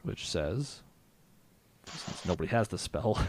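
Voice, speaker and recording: A man's voice: mid-range voice, wildly swooping pitch, slow, pauses often, dark tone, slightly rough, no room sound. Man running a tabletop game, dry sound. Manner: reads rules aloud, laughs between lines. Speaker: game master.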